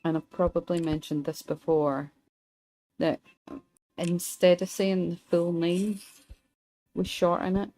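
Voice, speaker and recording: Young Scottish woman, streamer, dark warm voice, chatty and dry. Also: on the low side, little pitch movement, low-quality recording. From Scotland. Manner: chatty and wry, pausing mid-thought. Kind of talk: casual gameplay commentary, chatting with viewers.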